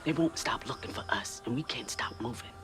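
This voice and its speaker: An actor playing a weary man who leads runaways to safety, speaking in a low urgent whisper. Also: a little fast, natural voice. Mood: hushed urgent. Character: weary Southern man guiding runaways at night. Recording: game audio with music underneath.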